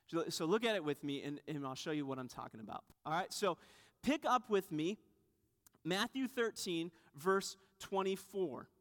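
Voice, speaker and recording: Man, high voice, pastor, animated storyteller, joking, long church reverb. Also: normal speed. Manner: animated storyteller, self-deprecating humor, acts out voices. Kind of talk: sermon with personal story. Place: church sanctuary.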